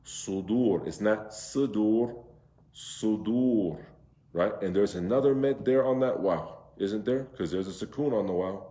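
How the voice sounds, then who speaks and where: A man leads a class on Quran recitation, stretching out Arabic words and checking back with his students. His voice sits low and mellow. The room around him is echoey. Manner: explains slowly, drawing out Arabic words and asking the class questions. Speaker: imam teaching Quran recitation. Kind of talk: interactive class lesson.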